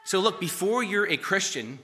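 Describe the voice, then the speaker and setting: Bright-voiced pastor preaching conversationally. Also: male voice, sits high, lively intonation, normal speed. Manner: conversational, asks the congregation questions; jokes and teases, swings between loud emphasis and quiet asides. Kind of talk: sermon. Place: church.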